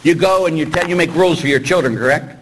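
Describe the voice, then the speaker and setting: A middle-aged man, a priest, preaching a sermon in an animated, joking way and acting out little dialogues. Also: a little high, fast talker, rough recording.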